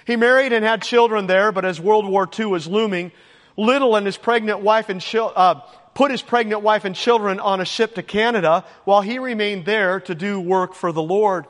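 In a church sanctuary with long hall reverb, a pastor preaches a sermon, earnest and exhorting and at times emotional. His voice is high and a bit bright, and he keeps a moderate pace.

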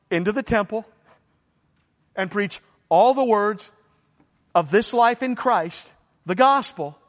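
A man's voice: high voice, long reverb tail. A man preaching a sermon as pastor, emphatic and full of rhetorical questions.

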